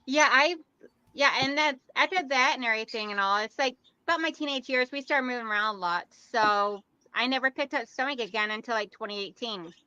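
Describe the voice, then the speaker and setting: A woman's voice: a little high, fairly quick, sharp tone, clear, resonant tone, dry recording, lo-fi sound. A woman guest on a casual livestream, talking chattily and laughing easily. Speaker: guest sewist.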